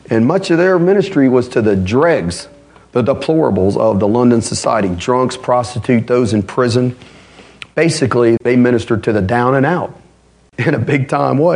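A man's voice: mid-range voice, vocal fry, a little mellow. A male pastor delivering a sermon in an emphatic, conversational way.

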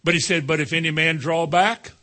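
Folksy preacher man, bright voice. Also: a little fast. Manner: folksy, animated preaching with sudden high exclamations. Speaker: pastor. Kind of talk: sermon.

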